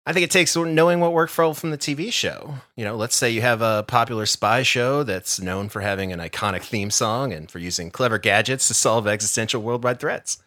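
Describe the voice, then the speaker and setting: A man co-hosting a podcast debate, pitching his pick with an energetic, theatrical build-up. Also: fairly quick, few pauses, dry recording, studio quality. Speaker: podcast co-host. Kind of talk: debate pitch, casual chat.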